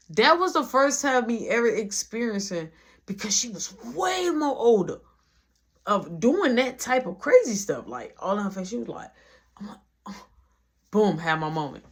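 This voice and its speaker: A young man telling a casual storytime, acting out every quote and dropping to a hush in the quiet parts. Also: sits high, slightly rough. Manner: animated, acts out every quote, drops to a hush for quiet scenes.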